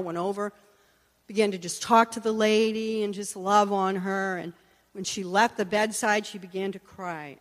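A woman's voice: mid-range voice, fairly bright tone. Woman preaching in an echoey hall. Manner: earnest storytelling, acts out quoted voices. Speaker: Christian teacher and prayer minister. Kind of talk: sermon with personal stories. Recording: long echoey hall reverb.

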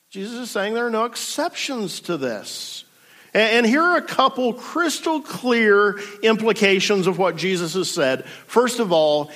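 A male pastor delivers a sermon with a fairly high voice and a deliberate, emphatic delivery. He slows down and sinks low on the words he wants to land. His voice carries a long hall reverb. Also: lively intonation, fairly bright tone.

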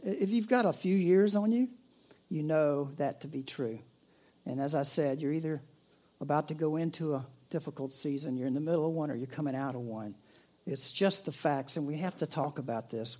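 Conversational preacher, joking then earnest. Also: mid-range voice. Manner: conversational preaching, jokey asides, drops to soft earnest tone. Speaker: pastor. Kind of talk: sermon.

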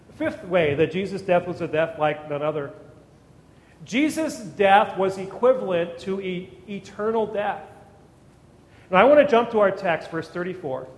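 High-voiced preaching man in echoey hall. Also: measured pace, long pauses. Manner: preaching with emphatic rises, repeats words when building up. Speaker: pastor. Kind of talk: sermon. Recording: echoey hall with long reverb.

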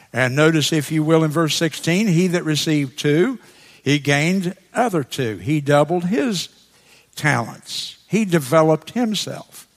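A man preaching a sermon that works through a scripture passage, speaking deliberately and repeating key words for emphasis. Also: fairly high pitch. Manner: slow, deliberate, emphatic repetition. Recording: long hall reverb.

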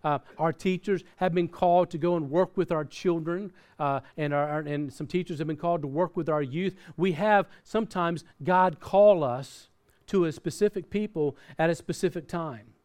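A man's voice: a little high, normal speed, a little mellow. Earnest man preaching a sermon. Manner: earnest, repeats words and restarts, reads scripture aloud. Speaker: pastor. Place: church in Australia.

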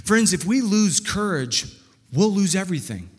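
A man's voice: high voice, big pitch swings, moderate pace, husky, long reverb tail. A man preaching an earnest, conversational sermon full of rhetorical questions and restarts. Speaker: pastor.

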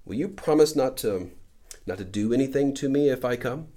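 Frightened thirsty young girl, hesitant and pleading, read by a man in a mellow storybook voice. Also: medium pitch, animated, moderate pace, voice pushed up, lightly acted. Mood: anxious.

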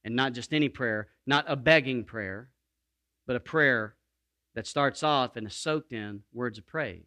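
A man preaching a sermon as pastor, emphatic, slowing down to stress key words, with playful asides and calls for the congregation to repeat after him. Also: mid-range voice, pushed and bright.

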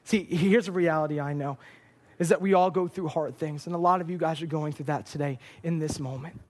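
A man's voice: a little high, fairly even intonation, a little fast, a little mellow. A young man preaching a sermon from a church stage, earnest and emotional, often repeating words as he is moved.

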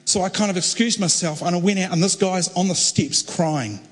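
A man's voice: sits high, breathy edge. Man preaching in a reverberant hall. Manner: conversational, halting restarts, building to fervent. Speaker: pastor. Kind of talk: sermon storytelling.

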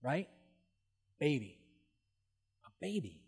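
Middle-aged guy preaching, jokey and excited, slightly high voice, big echoey church hall. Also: slow pace, breathy edge. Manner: animated, humorous, exclaims "whoa". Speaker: pastor. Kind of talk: sermon. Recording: long reverb of a large hall.

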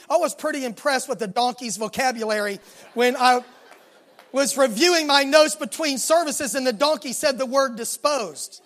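High-voiced pastor telling a Bible story. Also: male voice, normal speed. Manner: animated, retells scripture in lively casual words with quoted dialogue. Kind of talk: sermon storytelling.

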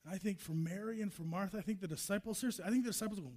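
Male preacher, high voice, emphatic, repetitive refrains, loud builds. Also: fast talker, hardly any pauses, husky. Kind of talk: sermon.

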